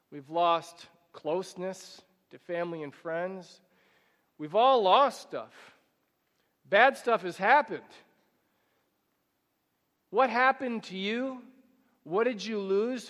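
A male pastor preaching a sermon, asking rhetorical questions and slowing down and rising in pitch when he reads scripture. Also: a bit bright. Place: church sanctuary. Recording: church hall with long reverb.

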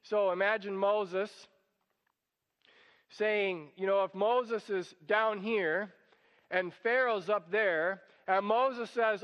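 A man with a very high voice preaches a sermon, lively and dramatic, briefly acting out the people he quotes. His voice rings with a long hall reverb. The recording sounds dull and muffled. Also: slow, smooth. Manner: animated, acts out quoted voices.

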